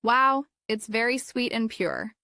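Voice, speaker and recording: A woman's voice: a little high, expressive, slow, bright, forceful tone, no echo, clean studio sound, heavily acted. A woman voicing a polite young woman making small talk with sellers and friends. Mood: pleasant. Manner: polite, pleasant.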